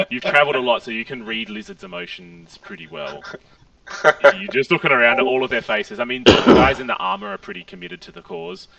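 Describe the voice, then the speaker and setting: Gravelly high-voiced man running a game. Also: big pitch swings, a little fast, sharp tone, distant mic, highs cut off. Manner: loose, hesitant narration with fillers. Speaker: game master. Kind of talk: narrating a tabletop game.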